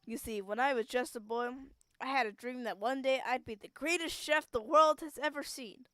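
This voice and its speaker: A woman's voice: sits high, moderate pace, a bit bright, no room sound. A woman voicing an earnest, sentimental old male chef in a video game, in a near-plain reading voice.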